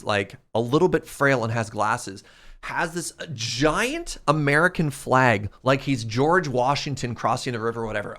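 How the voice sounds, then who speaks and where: A man's voice: mid-range voice, a bit bright. A man in his thirties streaming a game, telling a story in casual chat and laughing often. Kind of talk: casual storytelling while gaming.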